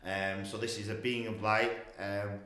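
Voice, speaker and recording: A man, telling a long story with loose, animated energy. His voice sits a little low, and the room gives it a roomy echo. He talks in a casual, meandering way, full of asides. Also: measured pace. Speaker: guest.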